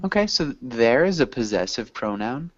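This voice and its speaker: A man's voice: mid-range voice, very animated, normal speed, no room sound. A man teaching an English class, explaining patiently and casually with lots of ums. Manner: patient, loose and chatty, with many ums. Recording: dull lo-fi audio.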